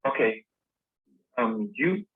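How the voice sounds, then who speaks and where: A man guest telling a lively story in a casual interview, acting out the dialogue he quotes. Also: medium pitch, slow pace, slightly rough. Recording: tinny phone-line sound.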